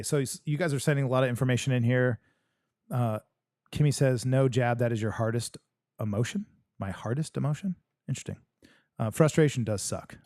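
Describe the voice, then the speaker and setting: Male livestream host, casual chat, blunt and profane, low mellow voice, dry close sound. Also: dry recording. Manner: blunt, profane, joking, talks straight to the audience. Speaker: podcast host reading live chat.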